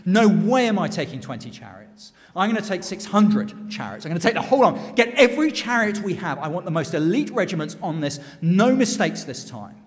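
A man voicing a furious tyrant king who yells and bangs the table. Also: medium pitch, lively intonation, rapid-fire, hardly any pauses, long reverb tail, pitched below the performer's own voice, natural voice. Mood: commanding. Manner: yelling, bossy.

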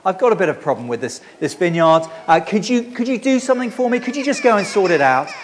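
A man's voice: sits high, big pitch swings, fast, a little hiss or hum. A preacher voicing a vineyard owner, a trusting father who talks informally and coaxingly. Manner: incredulous, then coaxing and informal.

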